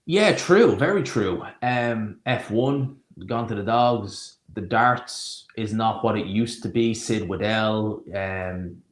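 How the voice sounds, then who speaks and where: A man's voice: on the low side, takes it slowly, hardly any pauses. A man streaming a live watch-along, chatting casually and sarcastically, rambling and stopping to search for names. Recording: roomy echo.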